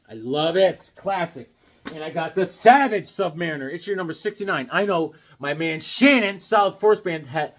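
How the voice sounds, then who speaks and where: A man in his fifties showing off his comic books in a casual joking vlog, acting out voices with sudden loud outbursts. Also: on the high side.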